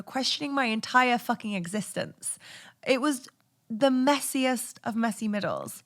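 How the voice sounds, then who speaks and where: A woman's voice: fairly high pitch, animated, measured pace, a bit bright. A woman hosting a podcast, talking candidly in a casual confessional monologue, swearing freely and laughing often. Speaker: podcast host.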